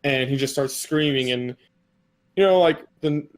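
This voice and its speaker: A man's voice: mid-range voice, a little slow. A man co-hosting a casual podcast, telling an anime episode's story in a rambling way with many fillers and quoted lines. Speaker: podcast co-host.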